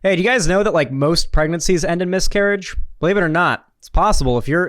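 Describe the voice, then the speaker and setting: Young male host, sarcastic rambling reaction commentary, slightly high voice, dry close sound. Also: dry recording.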